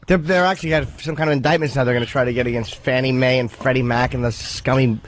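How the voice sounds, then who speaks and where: A man's voice: medium pitch, fairly even intonation, quick pace, slight background noise. A man on a radio panel, joking and questioning the others in casual banter.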